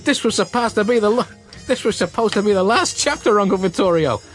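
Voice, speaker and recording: Shrill yelling private eye, totally losing it, way up high. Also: male voice, animated, fast, faint music behind. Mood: outraged. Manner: shouting, hysterical outrage. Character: exasperated hard-boiled male private eye. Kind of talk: comic story reading.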